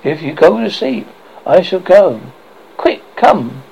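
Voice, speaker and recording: A man voicing a panicky young man who speaks in strident, shrill tones. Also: very animated, slow pace, creaky, darkish tone, husky, full character voice. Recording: dull lo-fi recording.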